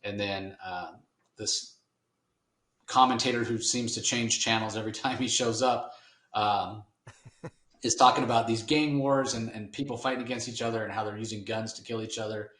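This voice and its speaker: A man hosting a podcast, giving a rambling, relaxed recap of a comic book issue. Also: lowish voice, moderate pace. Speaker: podcast host. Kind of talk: casual comic book discussion. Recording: roomy echo.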